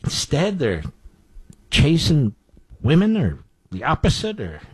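A man's voice: fairly high pitch, huge pitch swings, slow, breathy edge, no echo. Indignant male political talk host. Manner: indignant, emphatic, repeats phrases for effect. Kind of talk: opinionated monologue.

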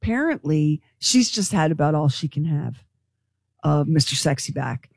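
A woman co-hosting a radio talk show, talking in a lively, gossipy, emphatic way. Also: low voice, normal speed, vocal fry, dry recording, studio quality. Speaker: radio co-host.

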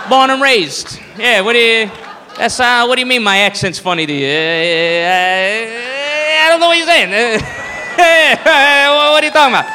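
A man's voice: extremely high pitch, expressive, measured pace, pushed and bright, pitched above the performer's own voice, heavily acted. A comedian playing an indignant man who insists he has no accent, baffled and defensive, in a stand-up bit. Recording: live hall reverb with faint noise.

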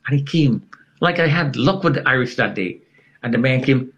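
A fairly bright, animated male voice moves at normal speed as an interview guest tells a dramatic story about himself. He leans on wide pitch swings to stress his points.

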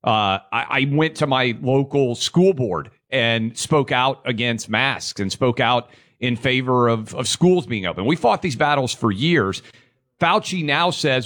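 A man's voice: medium pitch, measured pace, a bit bright. A man co-hosting a political talk show, emphatic as he reads out quotes and argues. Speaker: radio co-host.

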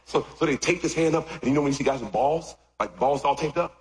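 A middle-aged man preaching a sermon, swinging from loud shouts to quiet asides. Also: fast, vocal fry, few pauses. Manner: animated, jumps from loud shouts to low asides. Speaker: pastor. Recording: echoey hall with long reverb.

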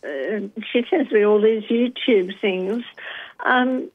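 A woman's voice: mid-range voice, slow pace. An older woman calling in to a talkback radio show, thoughtful and hesitant, with frequent ums. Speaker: caller. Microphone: phone line. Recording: dull phone-line sound.

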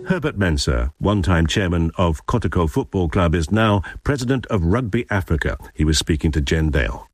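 Very deep, husky male presenter. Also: expressive, a little fast, no echo, clean studio sound, soft background music. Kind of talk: radio presentation.

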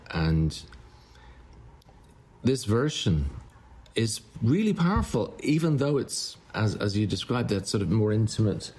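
A man, a musician, telling a story in an interview, halting and repeating words as he goes. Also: on the low side, a little mellow. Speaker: musician guest.

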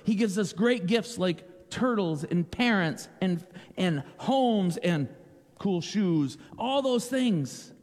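A man giving a playful children's sermon with a naturally loud voice, asking the kids questions and joking with them. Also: high-pitched, animated, slow pace, long reverb tail. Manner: playful, asks children questions, repeats jokes.

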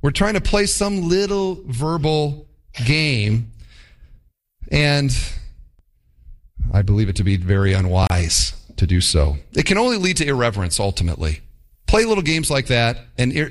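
A man preaching a sermon as pastor, animated and mock-quoting with playful asides. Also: medium pitch, moderate pace.

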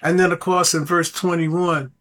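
High-voiced earnest male preacher. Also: flat delivery, moderate pace, fairly bright tone. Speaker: radio preacher. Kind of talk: sermon.

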